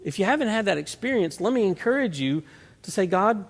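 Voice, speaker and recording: A man's voice: sits high, big pitch swings, fast, vocal fry. A male pastor, preaching a folksy, conversational sermon built on homely analogies. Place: church sanctuary. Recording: reverberant church hall.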